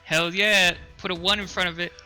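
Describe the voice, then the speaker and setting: A man playing a tabletop game with friends, excitable and joking, often swearing. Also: sits high, brisk, soft background music. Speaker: player. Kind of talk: casual tabletop game chat.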